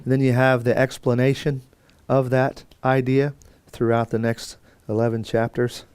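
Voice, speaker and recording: A man's voice: medium pitch, flat delivery, moderate pace, darkish tone, clear, resonant tone, no echo. A man teaching a Bible course in a conversational lecture style, with fillers and restarts and quotes acted out. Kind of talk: classroom lecture.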